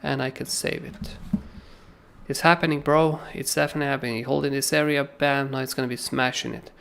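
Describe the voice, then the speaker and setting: Male livestream host with a gravelly voice; loose, animated trading commentary. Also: medium pitch, fairly quick, slight background noise. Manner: animated, keeps asking "right?", swears casually. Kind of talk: casual chart analysis on a livestream.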